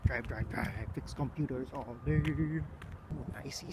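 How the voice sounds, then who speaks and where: A man's voice: on the high side, a little slow. A man in his thirties with a nasal voice, talking in a casual vlog. He rambles earnestly, mixes in self-mocking jokes and sounds sleep-deprived. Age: 30s. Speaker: vlog host and father. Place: outdoors while walking between offices. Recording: noisy street and traffic sound.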